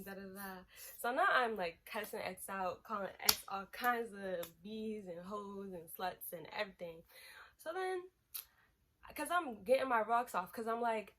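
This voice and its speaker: A woman's voice: mid-range voice, normal speed. A young woman vlogger, telling a dramatic story in a casual way and acting out the people in it. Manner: animated, dramatic retelling with quoted voices.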